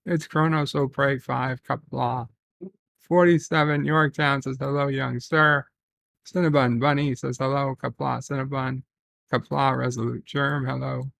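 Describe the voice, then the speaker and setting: A man's voice: medium pitch, little pitch movement, a little slow, vocal fry, a bit bright, no room sound. A man hosting a casual livestream, rambling and reading chat messages aloud with filler ums. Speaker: livestream host.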